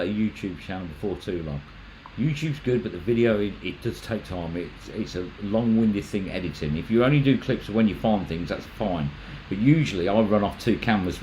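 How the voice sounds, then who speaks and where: Brief: man, lower voice, rambling and chatty, hosting a livestream and reading viewer comments aloud. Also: darkish tone, slight background noise, poor audio. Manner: chatty, rambling, stumbles and restarts. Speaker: magnet fishing channel host.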